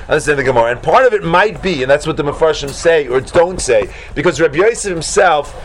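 A man teaching a Talmud class to students, animated, acting out shocked exclamations and talking casually with many fillers. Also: fairly high pitch, a little fast, slight background noise.

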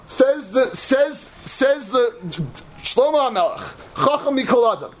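A man giving an animated Torah sermon, building to shouts and peppering his talk with Hebrew and Yiddish terms. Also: extremely high pitch, unhurried.

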